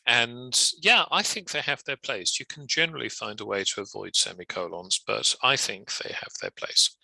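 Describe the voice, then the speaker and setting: A man teaching grammar and punctuation in a relaxed lecture, with a chatty manner and casual asides. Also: medium pitch, normal speed, vocal fry, husky, dry recording, rough recording. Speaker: legal writing trainer. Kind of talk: instructional lecture.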